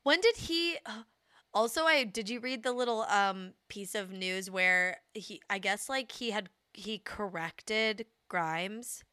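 Give me a bright young woman in casual chat, smooth clear voice. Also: medium pitch, slow, no room sound, clean studio sound. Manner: chatty, laughs easily, self-mocking. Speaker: podcast co-host.

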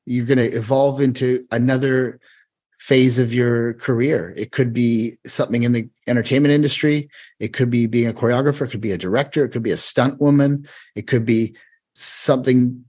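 A man's voice: medium pitch, moderate pace. A man, a choreographer guest, telling a long rambling anecdote in casual chat. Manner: rambling, animated anecdote with restarts. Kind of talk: casual storytelling.

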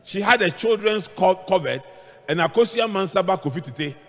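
A middle-aged male pastor preaching a sermon, moving between hushed asides and shouted points as he tells stories. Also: high voice, expressive, moderate pace. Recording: long hall reverb.

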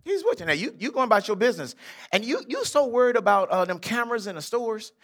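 An older man, a bishop, preaching a lively sermon and acting out Bible figures in street slang. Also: extremely high pitch, quick pace. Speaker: pastor. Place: church sanctuary.

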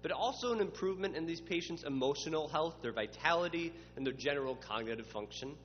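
Speaking fast with lively intonation, this slightly high-voiced male pastor delivers a sermon as faint music plays behind him. He acts out quoted questioners dramatically and builds to forceful lists. Long reverb, muffling and a faint hum color the audio.

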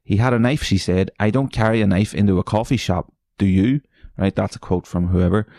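Sweary man with a low voice. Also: fairly quick, vocal fry, mellow, no room sound, studio quality. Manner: sweary, mocking, laughs often, jumps into high silly voices. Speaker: podcast host. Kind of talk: solo podcast commentary reading online posts.

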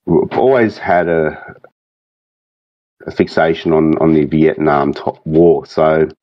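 An Australian man on a podcast as a guest, talking in a laid-back, halting way. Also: very deep voice, muffled recording. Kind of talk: casual podcast chat.

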